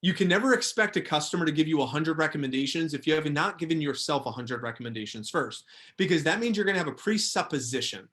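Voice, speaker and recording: A young man runs a motivational training workshop for salespeople. His voice sits a little higher than most men's, and he drives each point home by repeating it. The delivery is energetic and coaching in tone. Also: quick pace. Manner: emphatic, repeats key phrases.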